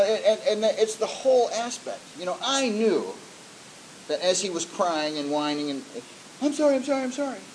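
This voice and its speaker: A man's voice: a little high, darkish tone, slight background noise, low-quality recording. A man preaching a sermon in a conversational way, with frequent fillers and restarts. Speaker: pastor.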